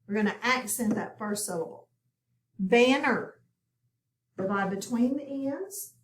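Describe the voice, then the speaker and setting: A woman's voice: on the high side, lively intonation, measured pace, reverberant. A woman teaching a recorded phonics lesson, explaining each step patiently and plainly.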